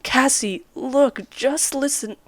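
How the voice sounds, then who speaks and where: A woman voicing a young man, a calm and menacing psychopath, speaking in a mocking tone in a horror story. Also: high voice, slow, no room sound, voice pushed up. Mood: pleading. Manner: mocking, then trembling.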